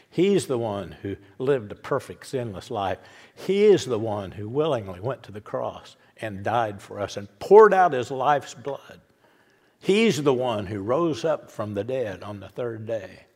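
A man's voice: on the low side, a little mellow, husky. An older man preaching a sermon, folksy and repetitive with frequent restarts. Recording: reverberant church hall.

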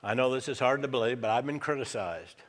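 A man's voice: medium pitch, lively intonation, quick pace. A male pastor preaching a sermon, emphatic and repeating his key lines for effect. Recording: reverberant church hall.

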